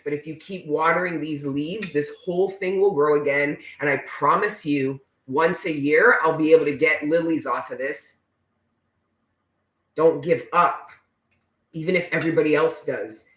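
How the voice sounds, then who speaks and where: A man's voice: a little high, sharp tone. Emphatic, swearing man giving a tarot reading. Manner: emphatic, preachy, swears freely. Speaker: tarot reader. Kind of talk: casual spiritual reading for viewers. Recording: roomy echo.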